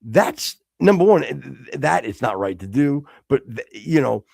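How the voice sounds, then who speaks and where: A man with a gravelly, fry-tinged voice tells a story on a studio podcast. He swears freely and plays both sides of a tense confrontation. The sound is close and dry. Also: mid-range voice, big pitch swings, a little slow, a little mellow, no echo. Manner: profane, heated, acts out both sides of a confrontation. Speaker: podcast host. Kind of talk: casual storytelling chat.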